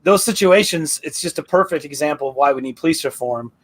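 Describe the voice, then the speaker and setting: On a casual live panel talk, a man with a fairly high, slightly bright voice speaks a little fast. He argues emphatically, hammering his points home through repetition.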